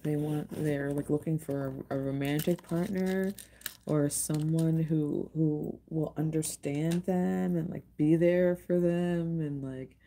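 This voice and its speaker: A woman with a low voice hosts a casual livestream. She talks in a rambling, emotional way and often restarts her sentences. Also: fairly even intonation, takes it slowly, dark tone, slight background noise. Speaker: livestream host and tarot reader.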